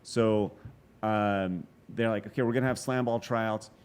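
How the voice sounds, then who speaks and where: A man in his forties, a guest on a podcast, telling a story with a slightly low voice. He talks in an animated way, swearing freely and breaking off into quick asides and restarts. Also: smooth. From Texas. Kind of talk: casual storytelling interview.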